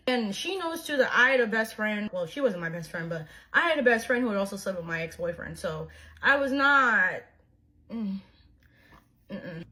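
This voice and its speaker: A young woman vlogger telling a personal story in a slangy, gossipy, animated way. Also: medium pitch, normal speed. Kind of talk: casual storytime chat.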